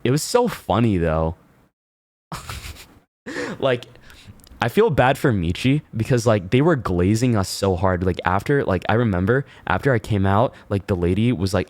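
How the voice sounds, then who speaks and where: A man streaming, telling a story in casual chat, animated and laughing, swearing freely with many fillers. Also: lowish voice, normal speed, no room sound.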